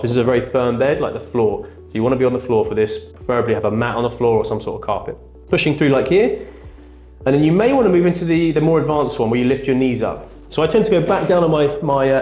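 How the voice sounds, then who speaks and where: A man's voice: a little high, a little mellow. A man, a chiropractor, explaining and demonstrating back exercises in a treatment room. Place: treatment room with a firm bed. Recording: echoey room, faint music.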